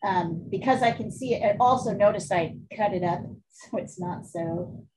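A woman's voice: mid-range voice, moderate pace, darkish tone, rough recording. Chatty woman teaching painting online. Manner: chatty, candid, swears casually. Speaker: art teacher. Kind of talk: live online painting class.

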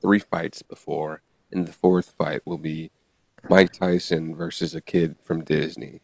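Deep gravelly dude cohosting a podcast, laughs a lot, dry close mic. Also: male voice, little pitch movement, a little slow, a little mellow, no echo. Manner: laughs often, reads articles aloud. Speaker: podcast co-host. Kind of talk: casual chat.

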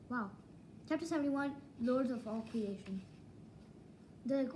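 A woman casually reviewing manga volumes, rambling and excitable, leaning on "like" as filler. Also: high-pitched, moderate pace, pauses often, slight background noise, rough recording. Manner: rambling, excitable, heavy use of "like".

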